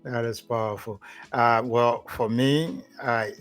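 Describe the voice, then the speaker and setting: A man's voice: mid-range voice, fairly even intonation, slow pace, faint music behind. A man co-hosting a podcast, repeating phrases and restarting as he gathers his thoughts. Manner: warm affirmations, repeats phrases, hesitant restarts. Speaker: podcast co-host. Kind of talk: casual podcast chat.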